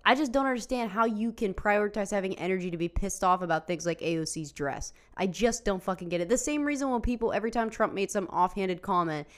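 Fast-talking, blunt, swearing woman. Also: mid-range voice. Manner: swears a lot, blunt and exasperated. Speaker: podcast co-host. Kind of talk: casual political chat.

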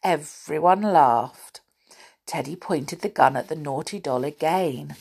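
A woman's voice: deep voice, lively intonation, measured pace, darkish tone, breathy edge. A woman reading a children's story aloud expressively, with amused asides.

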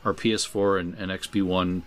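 A man co-hosting a casual podcast, talking in a halting way with many restarts. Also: low-pitched, level tone. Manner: halting, full of restarts and fillers. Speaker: podcast co-host.

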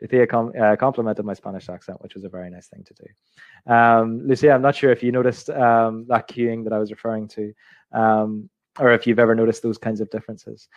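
A young adult man leads an intercultural training session, reflecting aloud and restating his points with plenty of ums. His voice sits on the lower side, and the sound is close and dry with no room echo. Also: level tone, a little fast, lo-fi sound. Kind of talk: reflective teaching talk to an online group.

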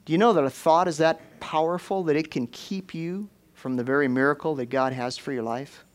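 A man's voice: on the high side, fairly even intonation, a little fast. A man preaching a folksy, conversational sermon, rising into fervent exclamations as he drives his points home.

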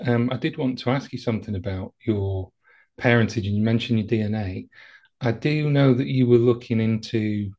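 A man's voice: mid-range voice, darkish tone. A man hosting a podcast, asking curious, well-prepared questions of his guest. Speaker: podcast host. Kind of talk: interviewing.

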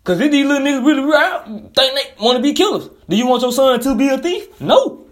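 A man's voice: extremely high pitch, expressive, quick pace. A man delivering a blunt, profane, heated casual monologue as a commentator.

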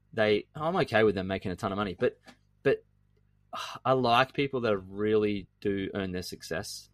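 A middle-aged man with a low-pitched voice speaks as a podcast guest. He talks emphatically and repeats phrases for effect. The sound is dry and close, with no room around it. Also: dry recording. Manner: emphatic, animated, repeats himself. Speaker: guest entrepreneur. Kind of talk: podcast conversation.

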